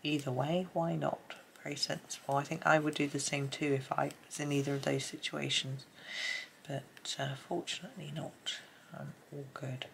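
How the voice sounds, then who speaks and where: A middle-aged British woman chatting casually while she colours, soft-spoken and rambling, often dropping to a murmur. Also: deep voice, steady tone, normal speed, creaky, a little hiss or hum. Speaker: colouring channel host.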